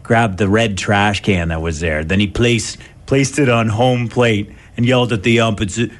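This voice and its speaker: A man's voice: lowish voice, fairly even intonation, normal speed. A man co-hosting a morning radio show, telling news stories with jokes and laughing at his own punchlines. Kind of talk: joking morning radio banter.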